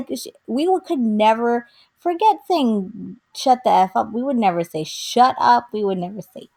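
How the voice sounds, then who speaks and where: A podcast co-host tells stories in a casual chat, animatedly acting out quotes and using plenty of fillers. Her voice is fairly high and moves at a normal speed.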